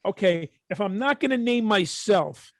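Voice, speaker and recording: Profane Brooklyn storyteller. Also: male voice, high-pitched, moderate pace, no room sound, studio quality. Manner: animated, profane, acts out quotes. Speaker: podcast co-host. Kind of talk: casual storytelling.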